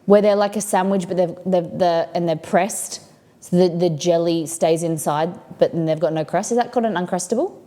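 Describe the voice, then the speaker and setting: A woman's voice: fairly low pitch, moderate pace, mellow. A woman with an Australian accent hosting a casual cooking livestream from her home kitchen, chatting in a rambling way and answering viewer comments. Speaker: cooking stream host.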